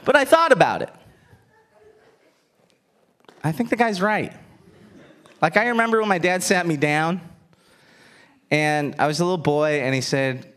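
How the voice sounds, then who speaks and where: A man in his thirties, a stand-up comedian, talking in an animated, self-mocking way with frequent laughter. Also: fairly high pitch, normal speed, long pauses. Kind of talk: stand-up set, then interview.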